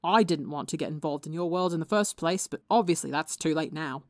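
A woman's voice: sits low, fairly quick, no room sound, studio quality, lightly acted. Give me a woman reading as a snappish young man. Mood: angry. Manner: snappish, profane. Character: hot-tempered young man, a weary healer.

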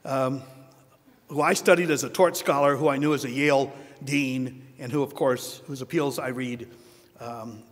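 A man's voice: medium pitch, steady tone, normal speed. Wry older man speaking at a podium. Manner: wry, self-deprecating, anecdotal. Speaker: award recipient giving acceptance speech. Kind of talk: humorous acceptance speech. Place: large hotel ballroom at a conference. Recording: long hall reverb.

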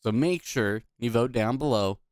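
A man's voice: medium pitch, normal speed, darkish tone, no room sound, clean studio sound. A man casually commenting on a video game he is playing, blunt, profane and rambling. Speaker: gaming video host.

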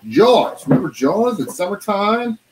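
A man's voice: sits high, sing-song, measured pace, very noisy. A man hosting a live online auction, presenting items in an easygoing, chatty way and quoting movie lines. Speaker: auction host. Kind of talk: casual live auction chat.

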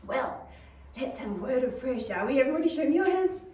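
Lively high-voiced woman teaching children. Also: fast, echoey room, distant mic. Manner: encouraging, playful, talks to children. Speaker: Sunday school teacher. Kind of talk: leading children's Sunday school online.

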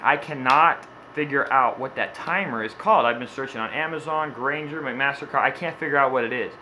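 A man's voice: mid-range voice, a little fast, sharp tone, slight background noise, poor audio. A man who works as a screen printer, talking casually to the camera in his shop and telling stories by acting out the people in them. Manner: rambling storyteller, acts out quotes.

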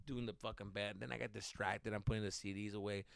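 A man's voice: on the low side, level tone, fast, creaky, slight background noise. A man hosting a podcast, telling rambling, profane stories from home in a casual way. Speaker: podcast host. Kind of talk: casual storytelling.

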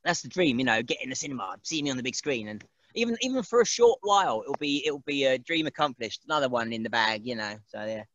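A man's voice: medium pitch, animated, quick pace, fairly bright tone, lo-fi sound. A man, chatting casually as an interview guest, rambling and laughing often and mimicking other people's voices. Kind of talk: casual chat.

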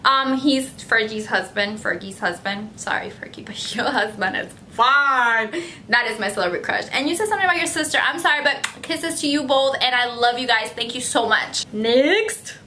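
High bright effusive woman vlogger. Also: animated, normal speed, slight background noise. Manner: effusive and gushing, repeats herself. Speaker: beauty vlogger answering fan questions. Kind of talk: casual chat to camera.

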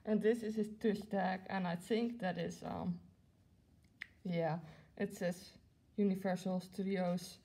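A woman's voice: mid-range voice, steady tone, slow pace, mellow. A woman in her twenties chatting to camera as she unboxes a collectible, gushing and giggling often between many fillers. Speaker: plush collector vlogger. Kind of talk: casual unboxing chat to camera.

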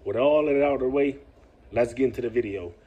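A man's voice: mid-range voice, fast, slightly rough, lo-fi sound. A man giving casual vlog commentary, laid-back and lecturing, often tossing in "man" and "bruh". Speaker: commentary vlogger.

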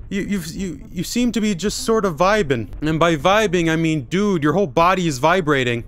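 A man's voice: fairly high pitch, normal speed, few pauses. Sarcastic man playing a game. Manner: sarcastic, swears freely. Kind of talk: let's play commentary. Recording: game music behind.

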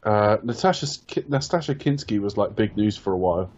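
Husky low-voiced man chatting about films. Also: lively intonation, fairly quick, a little mellow, muffled recording. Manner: rambling, self-correcting, swears casually. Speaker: podcast co-host. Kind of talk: casual film review chat.

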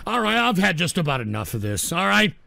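A man hosting a live radio show, exasperated and shouting at trolls in the chat. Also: high-pitched, very animated, brisk, creaky, dry recording. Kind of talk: ranting livestream talk.

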